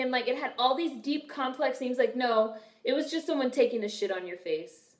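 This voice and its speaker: A woman's voice: high voice, moderate pace. A young woman from Washington, D.C., hosting a film reaction video, talking bluntly with profane wisecracks. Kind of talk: casual film reaction commentary. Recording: roomy echoey room.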